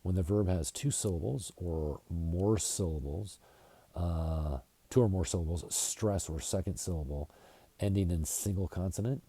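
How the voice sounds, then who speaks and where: An American man teaching an English grammar lesson, going slowly and deliberately and spelling words out letter by letter. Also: low-pitched, mellow, slightly rough, no echo. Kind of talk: slide-based grammar lesson.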